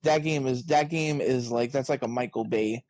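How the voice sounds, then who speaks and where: A man's voice: medium pitch, normal speed, no room sound. A man guest on a podcast, chatting casually as an author and acting out quoted exchanges with lots of energy. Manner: animated storyteller, acts out quoted exchanges.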